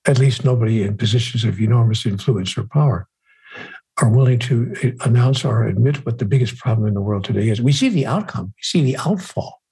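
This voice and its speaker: An older man as a guest, speaking in a measured, emphatic storytelling manner. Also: medium pitch, dark tone, breathy edge, low-quality recording. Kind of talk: reflective conversation.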